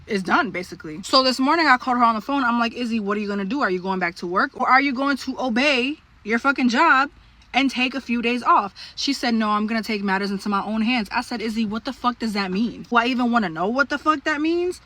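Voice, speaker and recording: A woman telling a story to camera in a blunt, profane, animated way. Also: on the high side, fast.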